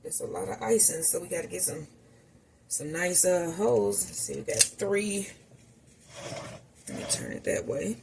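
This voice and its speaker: Chatty woman with a gravelly low voice. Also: expressive, moderate pace, long pauses, noisy background. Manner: chatty, talks straight to viewers as y'all. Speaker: home cooking vlogger. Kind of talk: casual cooking vlog narration. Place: home kitchen.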